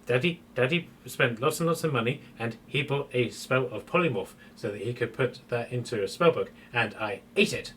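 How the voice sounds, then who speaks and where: A man voicing a small, childish creature who chatters excitedly about eating things. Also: medium pitch, moderate pace, hardly any pauses, slight background noise, close to an everyday voice.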